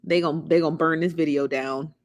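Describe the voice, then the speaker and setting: A woman's voice: low-pitched, steady tone, brisk. Sassy gossiping woman livestreaming. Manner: sassy and gossipy, calls viewers honey and child. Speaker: livestream host. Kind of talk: casual livestream chat, reading comments aloud.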